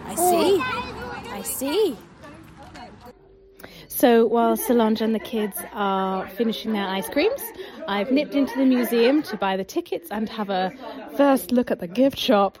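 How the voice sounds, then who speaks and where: A woman's voice: mid-range voice, normal speed, a crowd in the background. A woman vlogging in a museum gift shop, chatty and enthusiastic with laughing asides. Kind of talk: casual vlog chat.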